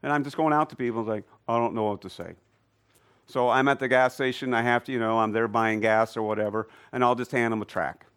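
A man teaching a Bible class to a live audience, animated and often putting questions to the listeners. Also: mid-range voice, fast, hardly any pauses, clean tone. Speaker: church teacher.

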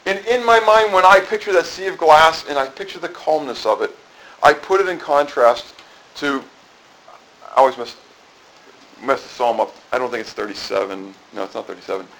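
A man's voice: a little high, lively intonation, moderate pace, fairly bright tone, low-quality recording. A middle-aged man preaching a sermon in a conversational way, asking the congregation questions and often repeating and restarting phrases. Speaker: pastor.

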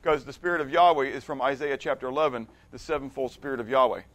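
Background noise accompanies this Bible study teacher, who talks quickly in a medium-pitched voice. Running an interactive class, he gives scripture readings with emphasis, frequently restarts or repeats words, and keeps pausing in a conversational way to check that people follow.

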